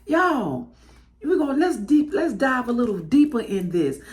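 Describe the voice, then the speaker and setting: Tearful woman, slow and lively. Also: fairly high pitch. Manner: emotional, testifying, addresses listeners as y'all. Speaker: podcast host. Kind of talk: heartfelt spoken reflection.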